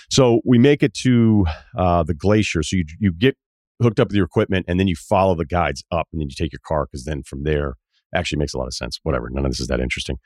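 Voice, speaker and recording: A deep-voiced man hosts a podcast and tells a rambling travel story in a casual, animated way. He acts out the people he met, jumping up and down in pitch for their lines. His voice sounds dry and close, with no room around it. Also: fast, no room sound. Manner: animated, acts out quoted dialogue in shifting voices. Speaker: podcast host.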